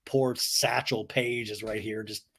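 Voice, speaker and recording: A male podcast host giving a comedic, profane recap, animated and mimicking the people he quotes. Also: lowish voice, unhurried, creaky, breathy edge.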